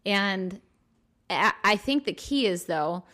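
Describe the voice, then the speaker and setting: A woman's voice: medium pitch, lively intonation, takes it slowly, pushed and bright. A young adult woman, a mother, co-hosting a podcast in casual chat, candid and earnest with playful jokes. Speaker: podcast co-host.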